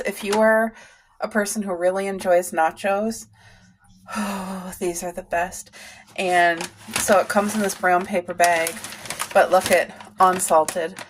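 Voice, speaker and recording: A woman's voice: mid-range voice, slight background noise. A middle-aged woman from Canada chatting casually through a home vlog, homey and talkative, with little apologetic asides. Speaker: vlogger.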